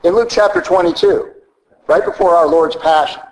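A man's voice: sits high, normal speed, low-quality recording. A man with a Southern American accent preaching a sermon, emphatic and teacherly, often asking rhetorical questions.

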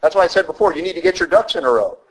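A man's voice: a little high, lively intonation, very fast, breathy edge, rough recording. Blunt, emphatic man preaching. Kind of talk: sermon.

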